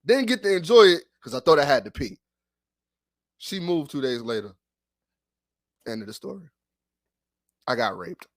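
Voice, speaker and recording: A man telling a long story in casual chat on a sports podcast, animated and profane, full of restarts. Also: a little high, moderate pace, pauses often, no echo. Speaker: podcast co-host.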